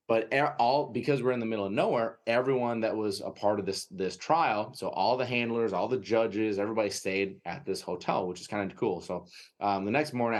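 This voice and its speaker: A man with a Wisconsin accent, a guest telling a lively anecdote in an interview and often tagging his sentences with "right?". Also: fairly low pitch. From United States. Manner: lively anecdotal storytelling, frequent "right?" tags. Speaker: guest, dog trainer. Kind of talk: storytelling interview.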